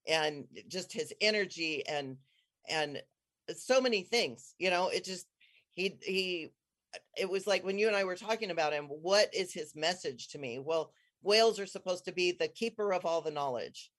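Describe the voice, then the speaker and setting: In a mid-pitched voice, an excitable guest rambles through a personal story in a casual, conversational way. She keeps restarting and letting phrases trail off, and she bursts into high squeals whenever she quotes herself.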